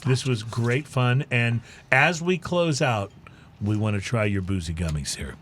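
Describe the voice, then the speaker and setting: A man hosting a casual podcast chat, halting and full of filler words, with a joking tone. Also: mid-range voice, animated, fairly bright tone, a little hiss or hum. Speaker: podcast host.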